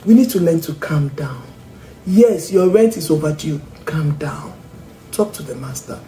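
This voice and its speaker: A woman's voice: sits low, expressive, measured pace, dark tone. A woman giving an earnest devotional message as a Christian speaker, talking emphatically to her listeners. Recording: roomy echo with faint ambience.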